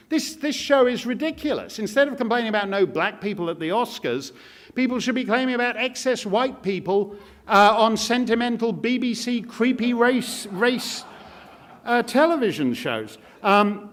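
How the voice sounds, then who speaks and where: Sardonic guy giving a talk to a crowd, high voice that jumps around a lot. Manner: wry, sardonic, jokey asides. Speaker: speaker addressing an audience. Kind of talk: speech to a live audience.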